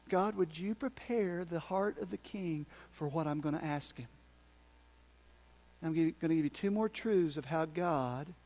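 A pastor delivers a sermon in a fairly high male voice. He preaches with passion and drops into little acted-out prayers and asides to his congregation. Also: a little mellow.

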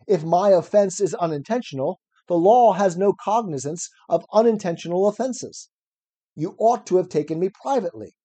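A man with a high-pitched, dark, slightly rough voice uses an exaggerated delivery to play an old male philosopher defending himself in court. He reads the classic dialogue in an ironic, probing, cross-examining manner.

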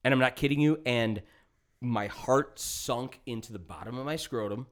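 A man's voice: medium pitch, moderate pace. A man in his thirties hosting a podcast, telling a long story in a casual, profane way and acting out the people in it. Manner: profane, animated, acts out quotes. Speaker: podcast host.

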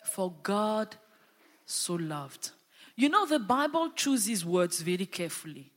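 Woman preaching slowly in a reverberant hall. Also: medium pitch, sing-song. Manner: impassioned, rising and falling emphasis with call-and-response. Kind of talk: sermon.

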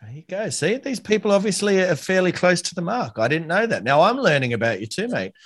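An Australian man hosting a podcast, chatting casually and warmly with a guest, calling him mate and laughing easily. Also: high-pitched, very animated, fairly quick, no room sound, studio quality. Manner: friendly, says "mate" often, laughs easily. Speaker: podcast host. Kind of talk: casual interview chat.

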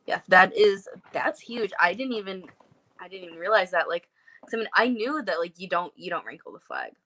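Bright-voiced woman hosting a chat, keeps agreeing and egging her guest on. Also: on the low side, big pitch swings, brisk. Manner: encouraging listener with short backchannels. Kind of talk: casual chat.

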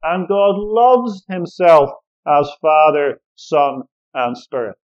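A man preaching a sermon as pastor, measured and emphatic, leaning on repeated phrases. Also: a little high, animated. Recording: dull lo-fi recording.

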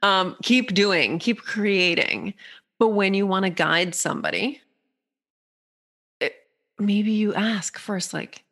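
A woman guest on a podcast, explaining ideas in an animated, playful way. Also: mid-range voice, slow, pauses often. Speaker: podcast guest, human design guide. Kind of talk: casual explanatory chat.

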